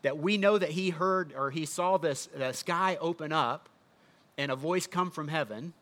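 Guy giving a sermon, kinda higher voice, chatty teaching w/ lots of "right?" questions. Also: measured pace, a bit bright. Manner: conversational teaching with rhetorical questions. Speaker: pastor.

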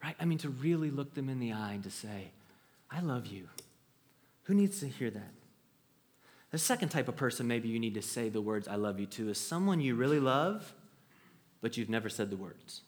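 A man's voice: medium pitch, animated, moderate pace, pauses often. Earnest man preaching a sermon. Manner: earnest, storytelling with acted quotes, conversational restarts. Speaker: pastor.

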